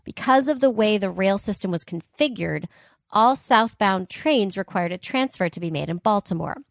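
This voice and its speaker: A woman's voice: mid-range voice, normal speed, vocal fry, no echo. Chatty woman podcast co-host, dry sound. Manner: chatty and animated, laughs often, asides with "like" and "um". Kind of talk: casual chat retelling history.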